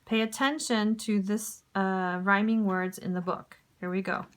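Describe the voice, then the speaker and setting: A woman teacher giving a recorded lesson to young pupils, speaking clearly and deliberately. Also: mid-range voice, steady tone.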